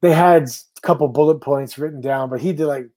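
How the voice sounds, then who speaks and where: A man's voice: a little high, brisk, mellow. A middle-aged man from Canada, a guest in a casual interview, telling stories and acting out the lines people said to him. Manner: storytelling, acting out quoted lines. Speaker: guest, pro wrestler.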